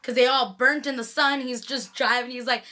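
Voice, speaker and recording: Young female vlogger, high and bright, gushing casual recap delivery. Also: steady tone, moderate pace. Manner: gushing, chatty, lots of "like".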